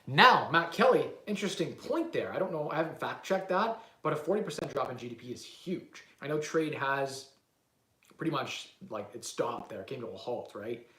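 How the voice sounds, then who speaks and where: A man's voice: mid-range voice, moderate pace, reverberant. A man, rambling animatedly through a casual live-stream Q&A as a real estate investing host. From Canada. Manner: rambling, animated, lots of "like" and "right?".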